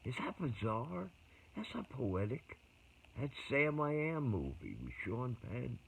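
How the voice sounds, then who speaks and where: A man's voice: medium pitch, big pitch swings, slow pace, gravelly, husky. An older man who works as a performer tells personal stories in a rambling way. He grows emotional, trails off mid-sentence and sometimes drops to a whisper. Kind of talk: rambling personal storytelling monologue. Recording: tinny phone-like audio with faint ambient hiss.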